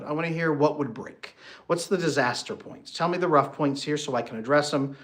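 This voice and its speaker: A man coaching on marriage, talking in a lively way and breaking into playful mock voices for his examples. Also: on the high side, a little fast. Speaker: relationship coach. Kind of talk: animated solo talk with acted-out examples.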